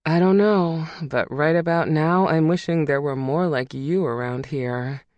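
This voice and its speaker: A narrator voicing a young woman in love, speaking soft and breathy, in a slow, dry audiobook read. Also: mid-range voice, no echo, dull audio, lightly acted. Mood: breathless.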